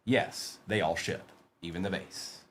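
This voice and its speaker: A man's voice: low voice, a little slow, a bit bright, slight background noise. A man hosting a live card-break stream, reading out player names as he opens packs and teasing his chat in a playful way. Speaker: livestream card break host.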